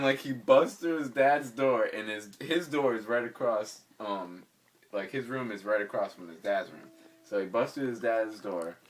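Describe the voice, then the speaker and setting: Far from the microphone, a young man with a mid-range voice recounts something to his buddies. He's animated and slangy, frequently laughing partway through the tale.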